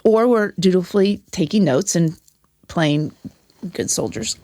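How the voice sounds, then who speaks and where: A woman's voice: fairly low pitch, expressive, measured pace, mellow, dry recording, clean studio sound. A woman talking as a podcast guest and former teacher, candid and profane, acting out the voices of people she quotes. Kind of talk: casual conversation.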